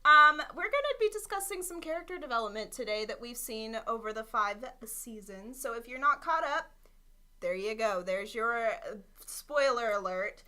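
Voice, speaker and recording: A woman's voice: on the high side, animated, moderate pace, pushed and bright. A woman co-hosting a podcast in a casual, giggly, chatty way. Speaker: podcast co-host. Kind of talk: casual chat.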